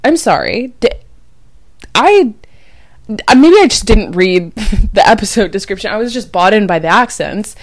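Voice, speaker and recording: Young woman host chatting close on a dry mic, kinda drained and low, talks emphatic and confiding. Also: big pitch swings, a little slow, pauses often, no room sound. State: low and drained after crying. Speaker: podcast host and dating coach. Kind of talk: casual chat.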